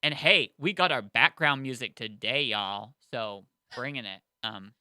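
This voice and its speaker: An excitable man co-hosting a podcast, rambling with lots of fillers. His voice is bright and crisp on a dry, close mic. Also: mid-range voice, unhurried, no room sound. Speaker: podcast co-host. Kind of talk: casual podcast chat.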